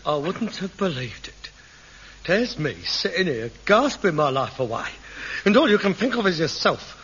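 A melodramatic young son in a TV sitcom, whining and fussing over himself. His voice is high and bright and swoops up and down. The old TV recording sounds dull, with faint hiss. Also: slightly rough, full character voice. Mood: wounded. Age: young adult. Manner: theatrical, whining and self-dramatising. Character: hypochondriac grown son, melodramatic and self-pitying. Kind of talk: 1960s-70s TV sitcom acting.

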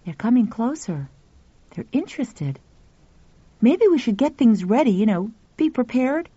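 Excited high boy voice, eager and breathless, a woman putting it on; dull dry lo-fi recording. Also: measured pace, breathy edge, no room sound, exaggerated voice.

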